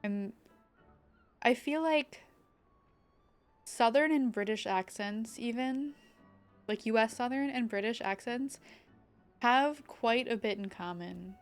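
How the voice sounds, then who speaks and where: A woman's voice: on the high side, slow pace, pauses often, clean tone, soft background music. A young woman chatting casually while streaming a game, thinking aloud and greeting viewers. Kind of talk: casual live-stream chat.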